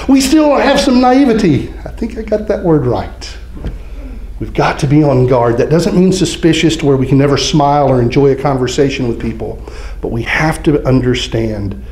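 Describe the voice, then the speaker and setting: A man preaching a sermon as pastor, joking and conversational, acting out quick mock voices. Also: medium pitch, a little mellow, echoey room, low-quality recording. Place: church sanctuary.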